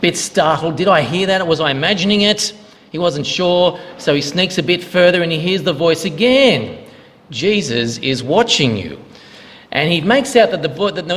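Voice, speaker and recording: A male minister giving a sermon in a church, in a conversational preaching manner with a joke to open. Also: high-pitched. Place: church hall. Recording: long hall reverb.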